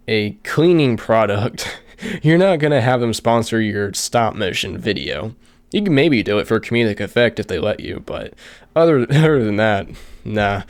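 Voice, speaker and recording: A man hosting a casual solo podcast, tired and out of breath, rambling with many fillers and restarts. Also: medium pitch. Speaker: podcast host.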